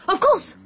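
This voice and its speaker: A woman's voice: extremely high pitch, slight background noise, exaggerated voice. A woman playing a frantic young woman puzzling out a riddle and urging someone awake in a comic radio play. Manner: excitable, mumbling then urgent.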